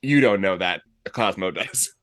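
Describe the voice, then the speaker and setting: A man narrating a tabletop game as game master in a relaxed, playful way. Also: low-pitched, a little slow, no room sound, clean studio sound.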